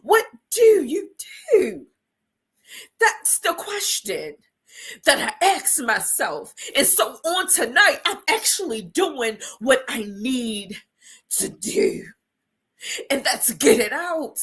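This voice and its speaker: Tearful, husky woman testifying slowly. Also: high-pitched, very animated, fairly bright tone. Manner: preacher-like repetition, tearful and defiant. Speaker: host. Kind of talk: emotional inspirational monologue.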